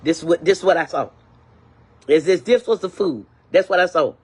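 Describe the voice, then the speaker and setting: A woman's voice: fairly low pitch, normal speed, darkish tone, breathy edge. Older woman, indignant, repetitive, preachy, complaint vlog rant. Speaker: vlogger.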